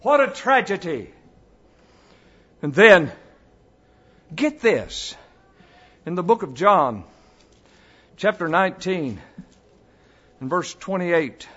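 A man preaching a sermon, dropping to a hush and then rising to a booming cry, repeating phrases for emphasis. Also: sing-song, husky, lo-fi sound. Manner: swings from hushed to booming, dramatic pauses.

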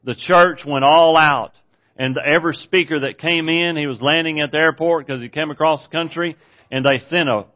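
A man preaching a sermon, moving from easy storytelling to loud, excited peaks. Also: on the high side, normal speed, highs cut off. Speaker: pastor.

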